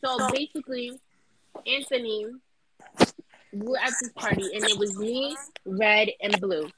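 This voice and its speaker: Young woman rambling thru a story on a podcast, trips over words, bit of hiss. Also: mid-range voice. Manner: rambling, repeats words, stumbles. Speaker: podcast co-host. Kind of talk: casual storytelling chat.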